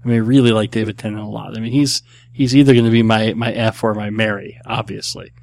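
A man's voice: fairly low pitch, level tone, quick pace, vocal fry, a little mellow. Blunt, rambling middle-aged man host. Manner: blunt, rambling, hesitant with many fillers. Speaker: podcast host answering listener questions. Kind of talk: casual chat.

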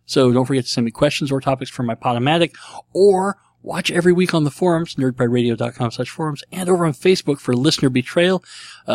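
A young man hosting his podcast in a casual, jokey, self-mocking way, full of quick asides. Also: medium pitch, no echo. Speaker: podcast host.

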